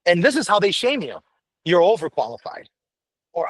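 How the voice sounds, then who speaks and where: A man's voice: high-pitched, moderate pace, long pauses, no echo, rough recording. A middle-aged man, a veteran firefighter, talking bluntly and with lots of swearing as a podcast guest. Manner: blunt, profane, animated storytelling. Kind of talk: candid podcast conversation.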